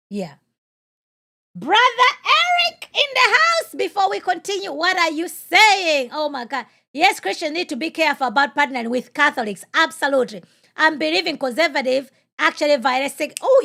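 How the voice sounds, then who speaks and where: A woman's voice: high voice, gravelly, bright, forceful tone. A woman hosting a live-stream podcast and reading viewer comments. She talks emphatically, fires off rhetorical questions and repeats phrases for emphasis like a preacher. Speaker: podcast host.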